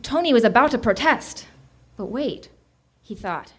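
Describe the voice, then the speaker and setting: A woman comedian reading an absurd comic story aloud with deadpan delivery in a small comedy showroom. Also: on the high side, a little slow, slightly rough. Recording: noisy live venue recording.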